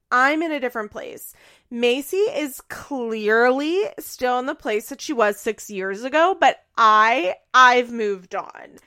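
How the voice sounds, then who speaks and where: A woman's voice: lively intonation, slow pace, pauses often, clear, resonant tone. Woman mocking a snippy fake-cheery young woman. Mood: fake cheerful. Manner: sarcastic, sing-song, louder and higher.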